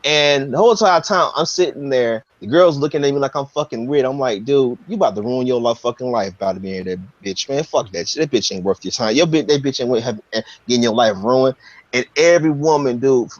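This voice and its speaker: A man's voice: medium pitch, a little fast, no room sound. A man recounts a story in a loose, fired-up way, swearing freely and tripping over his own restarts. The audio is dry and a bit dull. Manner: animated, profane storytelling with many restarts. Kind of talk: casual chat.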